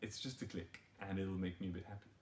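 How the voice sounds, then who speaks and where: A man's voice: sits low, steady tone, fast talker, a little mellow, slight background noise. A man teaching a ukulele strum in a casual, playful way, counting and chanting the rhythm aloud while he plays. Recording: roomy sound with ukulele playing.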